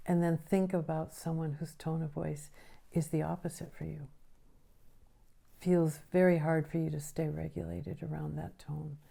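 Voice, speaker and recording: A woman teaching a recorded lesson on the nervous system, explaining patiently and often checking in with a quick question. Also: sits low, little pitch movement, vocal fry, warm tone.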